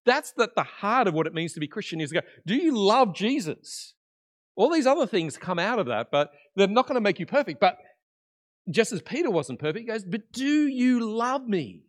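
Lively man preaching a sermon. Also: high voice. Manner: conversational, animated, swings from loud emphasis to quiet asides. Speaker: pastor. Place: church.

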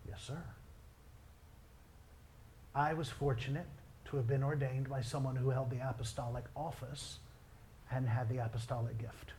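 A middle-aged male pastor preaching a sermon, telling family stories in a lively way. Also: mid-range voice, moderate pace. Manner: storytelling, animated, quoting others in his own voice.

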